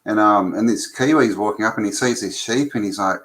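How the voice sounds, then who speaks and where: Bloke about fifty joking around on a podcast call, kinda low voice, teasing and self-mocking. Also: male voice, fairly quick, fairly bright tone, poor audio. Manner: jokey, self-mocking, tells joke stories. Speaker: podcast co-host. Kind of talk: casual banter. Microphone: headset-free podcast mic, remote call.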